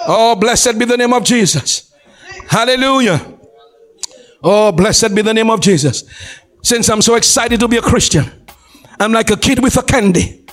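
High-voiced, exclamatory male pastor preaching. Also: expressive, normal speed, long pauses. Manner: exclamatory preaching with call-and-response; laughs often, shouts for emphasis. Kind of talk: sermon.

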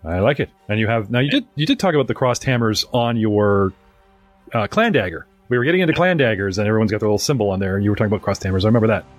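A man's voice: lowish voice, animated, racing, faint music behind. A man hosting a live-streamed tabletop game, chatty and rambling as he introduces his players. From North America. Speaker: game master and podcast host.

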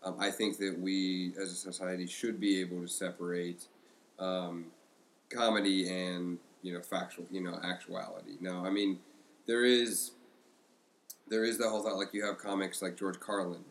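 A man co-hosting a podcast in casual discussion, halting, with many fillers and restarts. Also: low-pitched, flat delivery, rough recording. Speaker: podcast co-host.

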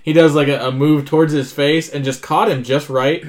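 A man's voice: on the high side, fairly even intonation, moderate pace. A man in casual podcast chat, making dry wry remarks.

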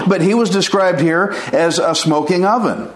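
A man's voice: high voice, normal speed. A man preaching an informal sermon, earnest and pleading, with folksy chuckles. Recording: echoey room.

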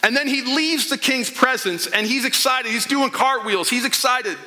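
Bright-voiced preacher in a reverberant hall. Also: male voice, very high-pitched, moderate pace, faint music behind. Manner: storytelling, acting out the characters' lines. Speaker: pastor. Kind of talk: sermon.

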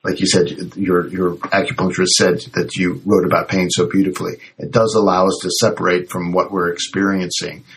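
A man who is a health practitioner hosts an interview, summing up points reflectively. His voice sits low with a flat delivery and vocal fry, and he talks a little fast with hardly any pauses.

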